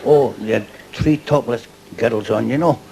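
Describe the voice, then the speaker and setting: A Scottish stand-up comedian performs live in a club, with audience laughter and noise around him. His mid-range voice is unhurried and creaky as he rambles through his jokes, chuckling at his own lines.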